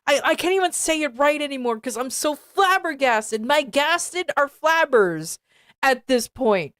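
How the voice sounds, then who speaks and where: High-voiced woman ranting in disbelief. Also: lively intonation, measured pace, a bit bright, dry recording, studio quality. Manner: exasperated, profane ranting; repeats herself in disbelief. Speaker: streamer. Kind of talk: live-stream reading reaction.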